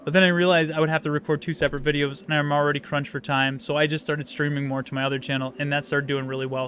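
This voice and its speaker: A man's voice: on the high side, flat delivery, fast talker, few pauses, fairly bright tone, slight background noise. A man hosting a live game stream, chatting casually and rambling with offhand swearing. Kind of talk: casual live-stream chat while gaming.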